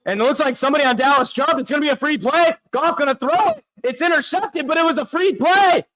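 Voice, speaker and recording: A young man hosting a sports show, calling a live game play by play as a fan and reacting loudly, often shouting in disbelief. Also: very high voice, fast talker. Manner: excitable, shouting and anguished at big plays. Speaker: sports podcast host.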